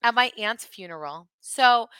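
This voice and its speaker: A woman in her thirties with a bright, slightly high voice tells a family story in loose, filler-heavy chat. She sounds close to the mic in a dry space. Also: animated, unhurried, smooth, no echo. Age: 30s. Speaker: podcast co-host.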